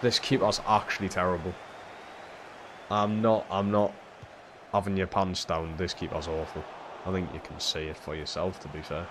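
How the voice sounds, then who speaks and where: Young male streamer, lowish voice, muttered play-by-play with sweary outbursts, faint hiss behind. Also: little pitch movement, moderate pace. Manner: swears freely and swings from low muttering to shouting at big moments. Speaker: streamer playing a football video game. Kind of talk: live gameplay commentary.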